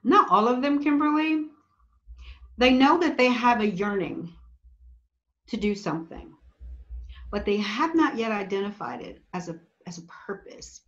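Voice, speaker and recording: A woman's voice: a little high, lively intonation, unhurried, long pauses, a bit bright. A woman guest on a podcast giving earnest, preacherly advice, stressing her points by repeating phrases. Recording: slightly dull lo-fi audio.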